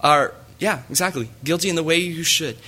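A man's voice: a little high, a little fast, pushed and bright, husky. A man preaching a sermon in an earnest way, reading scripture aloud to his listeners.

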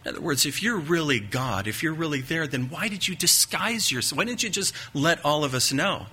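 A man preaching with a sharp, forceful tone and a slightly husky edge. He teaches in a measured, emphatic sermon style, often asking the congregation rhetorical questions and dropping in folksy asides. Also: on the high side, animated. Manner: folksy asides and light joking.

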